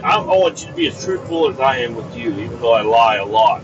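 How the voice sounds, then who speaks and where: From his car on the highway, a podcast host delivers a fast, animated monologue, rambling, cursing, and ranting in exasperation. A distant, dull mic picks up his voice along with car and road noise.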